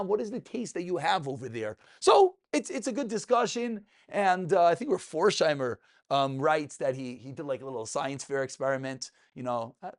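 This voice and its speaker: A man teaching a lively class, his voice pitched high and lively. He fires questions at his students, answers them himself and keeps things light with jokes. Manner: animated, joking, asks and answers his own questions. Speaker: rabbi teaching a Talmud class. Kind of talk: lively spoken Torah class. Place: class room with live students.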